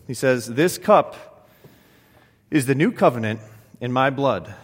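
A male pastor preaches a sermon at a middle pitch, his voice carrying a long reverb through a church hall. He drops to hushed, solemn passages and then rises to emphatic exclamations, with casual asides and stumbling restarts between.

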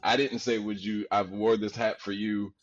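A man from Queens tells stories as a podcast guest. His voice is deep and resonant, and his delivery is animated and full of casual slang. The recording is slightly dull and lo-fi. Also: moderate pace. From Queens, New York. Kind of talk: casual storytelling chat.

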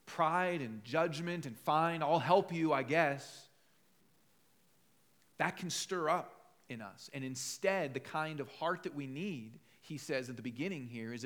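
A pastor delivers a sermon in a conversational, storytelling style, acting out the voices of the people he quotes. His voice is fairly high-pitched with a fairly bright tone.

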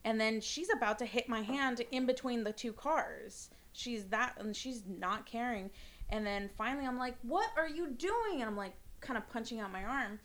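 A woman's voice: a little high, moderate pace. Woman telling a story among friends. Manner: lively storytelling with swearing. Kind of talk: casual chat with friends.

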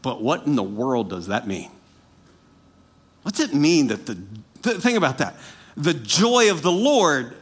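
High-voiced man preaching a sermon. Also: measured pace. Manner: animated, self-mocking, drops to quiet intense tones. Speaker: pastor.

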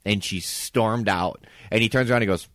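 A man co-hosting a podcast has a lowish voice and speaks at normal speed, captured in a dry, clean studio recording. Chatting casually over drinks at someone's home, he tells a story with animation and acts out what people said.

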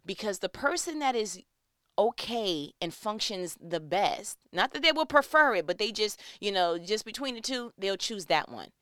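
A woman's voice: mid-range voice, very animated, normal speed, fairly bright tone, no echo, clean studio sound. A woman in her thirties giving a casual devotional talk, acting out little scenes in other voices.

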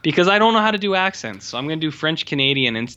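Bright-voiced dude joking about a movie, kinda muffled lo-fi audio. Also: male voice, on the high side, sing-song, very fast, clean tone. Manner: joking, mimics people in put-on voices. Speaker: podcast co-host. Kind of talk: casual movie chat. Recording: dull lo-fi sound.

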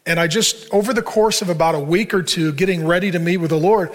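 A man's voice: high-pitched, quick pace. A middle-aged man preaching a sermon, telling a personal story in an earnest, conversational way. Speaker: pastor. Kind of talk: sermon to a men's group.

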